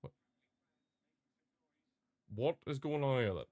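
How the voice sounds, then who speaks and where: A man's voice: medium pitch, big pitch swings, takes it slowly, darkish tone, no room sound. A young man, chatting casually and reacting aloud while he watches a football match live.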